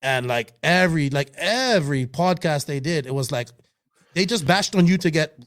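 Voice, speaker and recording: Man, casual podcast chat, heated, swearing, fairly high voice. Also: lively intonation, moderate pace, fairly bright tone. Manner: heated, emphatic and profane, with restarts. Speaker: podcast co-host.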